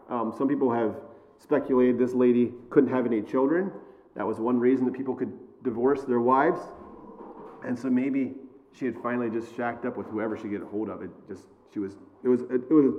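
A man preaching a sermon in a conversational way, often checking in with "all right?" and "okay?", with some self-deprecating humor. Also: mid-range voice. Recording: long reverb, dull lo-fi sound.

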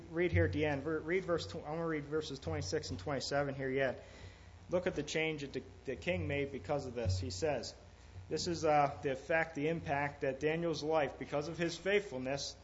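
A man preaching an informal sermon, halting often with fillers and restarts. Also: a little high. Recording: dull lo-fi recording with faint noise.

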